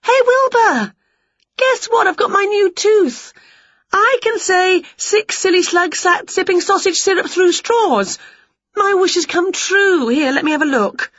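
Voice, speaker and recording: A woman voicing an excitable adult female witch in a picture-book story, squealing and dramatic. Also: very high voice, measured pace, no room sound, muffled recording, pitched above the performer's own voice, heavily acted. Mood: excited.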